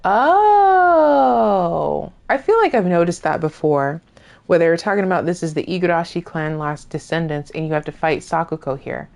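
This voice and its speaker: A woman's voice: on the low side, expressive, moderate pace, vocal fry, darkish tone. A woman streamer giving casual let's-play commentary, jokingly scolding the enemies and characters on screen. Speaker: gaming streamer.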